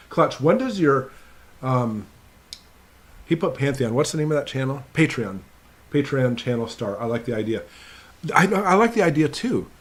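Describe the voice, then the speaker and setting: A man hosting a casual live stream from his computer, greeting viewers by name and chatting with them. His voice sits at an ordinary middle pitch. He keeps a loose, friendly flow of hellos and small talk. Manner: greets viewers by name one after another, chatty and upbeat.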